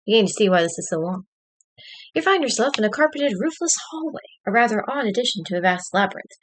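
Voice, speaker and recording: A woman's voice: medium pitch, lively intonation, fast, slight background noise. A woman streamer reading an interactive story aloud, dropping wry, dry asides between passages.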